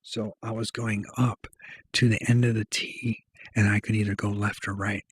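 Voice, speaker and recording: A man's voice: fairly low pitch, flat delivery, normal speed, breathy edge. A young man telling a personal story to camera in a rambling, slangy way, full of fillers. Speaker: vlogger. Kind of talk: casual storytelling.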